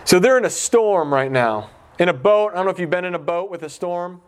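A man's voice: sits high, lively intonation, fairly quick, clear, resonant tone. A man giving an informal Bible teaching in a conversational way, asking his listeners questions as he goes. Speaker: pastor.

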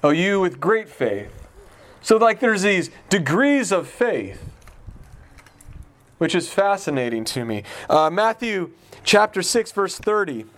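High-voiced man giving a casual Bible talk. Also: sing-song, takes it slowly. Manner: conversational, asks the listener questions. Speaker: pastor.

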